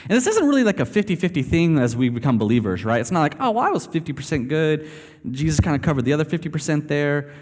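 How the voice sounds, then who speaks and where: Casual preacher in a reverberant hall. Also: male voice, medium pitch. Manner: conversational, animated storytelling. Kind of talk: sermon.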